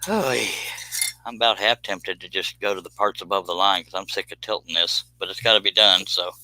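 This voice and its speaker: A man's voice: low-pitched, fairly even intonation, fairly quick, sharp tone, slight background noise, low-quality recording. A man hosting a live stream, chatting casually and teasing while he works. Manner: dry, teasing humor with Southern phrasing. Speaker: live stream host, pattern maker. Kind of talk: casual chat while working.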